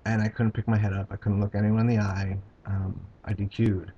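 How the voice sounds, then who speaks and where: A man vlogging about his own experience, talking in a halting, hesitant way with many pauses and restarts. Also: on the low side, little pitch movement, mellow, husky. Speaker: video blogger. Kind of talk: casual personal recount. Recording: dull lo-fi home video sound.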